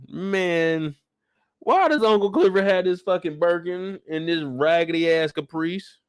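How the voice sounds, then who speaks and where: A fairly high-voiced man from Kansas City hosts a live after-show, reacting to the episode in loose, profane commentary. He laughs easily and keeps building into loud, worked-up rants at the characters. The sound is dry and close, with no room echo. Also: lively intonation, measured pace. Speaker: show host.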